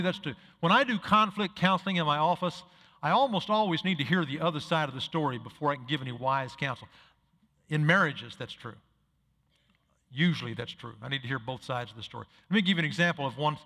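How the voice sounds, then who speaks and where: A man's voice: fairly high pitch, sharp tone, big-room sound. A male pastor preaching a sermon, telling stories and acting out the dialogue, building to emphatic peaks. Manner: storytelling, acts out dialogue, rises to emphatic peaks.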